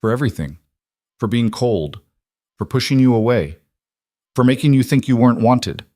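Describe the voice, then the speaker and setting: A man's voice: medium pitch, lively intonation, moderate pace, warm tone, dry recording, studio quality, voice pushed up, lightly acted. A man voicing a stern, grieving nobleman duke in a storybook reading. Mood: broken. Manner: icy then pained.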